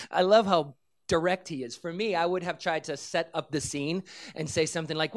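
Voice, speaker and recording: Animated preacher acting out a story. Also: medium pitch, brisk. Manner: animated storyteller who acts out the characters' lines; earnest, direct teaching. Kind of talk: sermon with storytelling.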